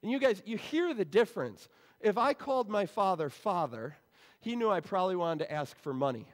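A man's voice: high-pitched, big pitch swings, fairly quick. A male pastor giving a sermon in a church sanctuary, explaining scripture in a conversational way. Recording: long reverb in a church hall.

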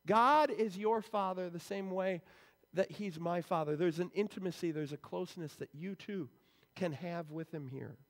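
A man's voice: high-pitched, moderate pace. A male pastor giving a sermon in a church sanctuary, explaining scripture in a conversational way. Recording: long reverb in a church hall.

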